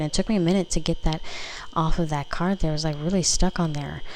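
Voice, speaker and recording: A woman's voice: deep voice, steady tone, quick pace, darkish tone, low-quality recording. A woman giving a casual pick-a-card tarot reading, rambling with fillers and the odd swear word, at home. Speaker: tarot reader. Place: home room. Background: faint mini fridge buzz.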